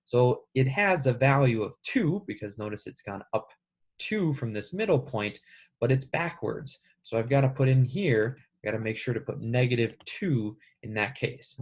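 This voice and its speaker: A man's voice: mid-range voice, creaky, breathy edge. A man teaching a math lesson, casually talking through each step aloud. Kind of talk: screen-recorded math lesson.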